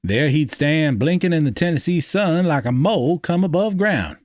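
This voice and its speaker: A man reads his own draft aloud with a folksy storyteller's lilt. His pitch rises and falls in a lively way. The sound is dry and close, with no room echo. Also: normal speed. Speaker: writer reading his draft. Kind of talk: reading aloud a first-person Southern story.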